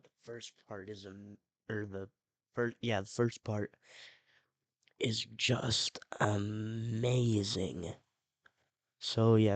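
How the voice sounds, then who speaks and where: A man with a lowish voice talks slowly through a casual, rambling commentary, often restarting and correcting himself. The recording is dry and close, with no room sound around him. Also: a little mellow, dry recording. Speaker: video creator ranking show themes.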